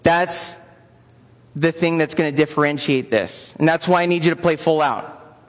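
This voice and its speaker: A man's voice: on the high side, moderate pace. A man presenting at a conference for personal trainers, upbeat and coaxing the audience into joining in. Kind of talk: interactive conference lecture. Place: large conference room. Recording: long reverb of a conference hall.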